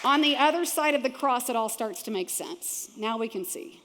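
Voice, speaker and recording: A Texan woman preaches from the stage of a big church auditorium, her high voice carried by a long hall reverb. She is animated and slips into the voices of the people in her story. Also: moderate pace, a faint crowd, slight background noise. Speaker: pastor. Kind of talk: sermon.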